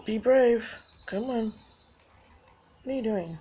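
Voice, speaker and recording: A woman's voice: a little high, takes it slowly, dark tone, lo-fi sound, slight background noise. A woman filming her cats at home, talking to them in coaxing baby talk and laughing often. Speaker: cat owner filming her pets. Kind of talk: casual home video chat. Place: at home, indoors.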